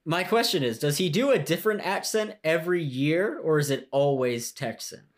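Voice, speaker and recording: A podcast co-host chatting casually, lively and giggly, with quick reactions. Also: mid-range voice. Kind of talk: casual chat.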